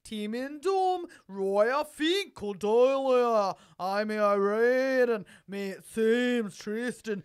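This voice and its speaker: A woman's voice: a little high, very slow, few pauses, smooth. A woman putting on a chirpy Australian accent to play a bouncy announcer reading out names. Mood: cheery. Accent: put-on Australian. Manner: bright, bouncy and loud.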